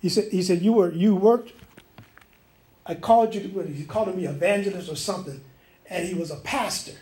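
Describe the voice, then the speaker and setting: A man's voice: sits high, brisk, warm tone, roomy sound. A man preaching, telling a dream as a story and acting out the voices and sounds in it. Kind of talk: sermon testimony.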